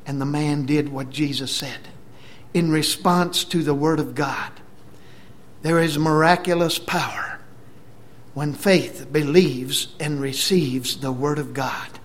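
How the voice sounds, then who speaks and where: A man preaching a sermon, retelling scripture dramatically, dropping to a whisper and then booming out. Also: slow pace.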